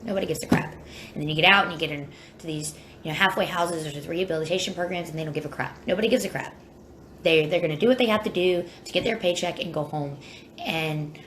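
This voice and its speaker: A woman's voice: on the low side, slight background noise. A woman speaking straight to camera about life after prison, blunt and impassioned, plain-spoken and cursing now and then. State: near tears. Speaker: former prisoner sharing her story. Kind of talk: casual direct-to-camera video.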